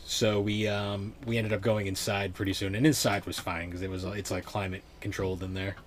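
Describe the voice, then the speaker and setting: A man's voice: lowish voice, level tone, brisk, a little hiss or hum. A young man hosting a podcast in laid-back, rambling casual chat. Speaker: podcast host.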